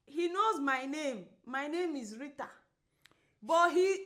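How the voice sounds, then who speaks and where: A woman co-hosting a podcast who tells a story in casual chat, acting out the quoted lines and laughing often. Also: slow. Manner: animated, acts out quoted dialogue with big pitch jumps; laughs often while telling. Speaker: podcast co-host.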